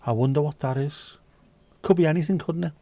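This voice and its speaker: Hosting a laid-back livestream, a British man chats, jokes, and reads out what his viewers write. His voice is a little high and warm, he speaks fairly quickly, and there's no room sound.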